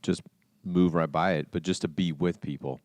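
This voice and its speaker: A man's voice: sits low, steady tone, moderate pace, a little mellow, no room sound. A male podcast host, encouraging and reflective, explaining ideas about faith in casual talk. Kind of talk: casual chat with teaching.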